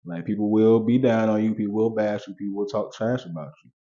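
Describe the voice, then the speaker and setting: A man's voice: on the low side, level tone, fast talker, dark tone, highs cut off. A man talking casually to his viewers in a commentary vlog, repeating his points and addressing them directly. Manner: conversational, repeats points, talks straight to viewers. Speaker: vlogger.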